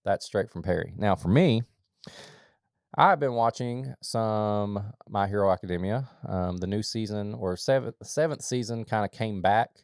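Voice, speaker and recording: A man co-hosting a podcast in casual chat, rambling with lots of fillers and sudden animated bursts. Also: on the low side, a little slow, no room sound, clean studio sound. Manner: rambling, filler-heavy, jumps to animated outbursts. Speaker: podcast co-host.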